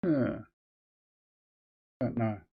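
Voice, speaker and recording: A man's voice: medium pitch, very slow, slightly rough, phone-quality sound. A man hosting a casual live stream, thinking aloud and rambling as he chats with viewers. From Australia.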